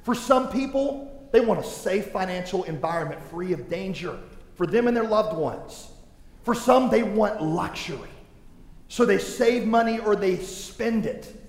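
A man in his thirties preaching a sermon, telling funny stories and acting out voices. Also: high-pitched. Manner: animated, humorous storytelling with acted-out voices. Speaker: pastor. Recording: echoey hall with long reverb.

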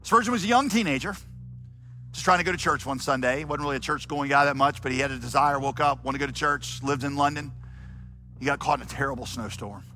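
A male pastor preaching a sermon, dramatic and building to shouts. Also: mid-range voice, quick pace, faint music behind. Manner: dramatic, rising to shouts when quoting.

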